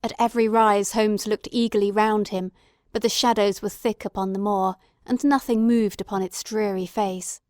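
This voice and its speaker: A woman giving steady, dramatic scripted narration of an audiobook. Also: mid-range voice, moderate pace, no echo, clean studio sound.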